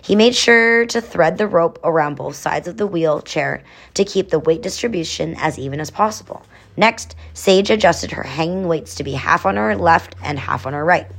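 A woman's voice: lowish voice, normal speed, creaky. A woman narrating a children's adventure story, adding chatty explanatory asides.

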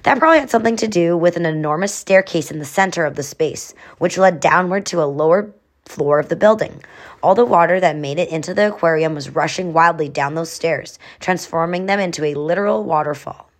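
A woman's voice: on the low side, brisk. A woman narrating a children's adventure story, adding chatty explanatory asides.

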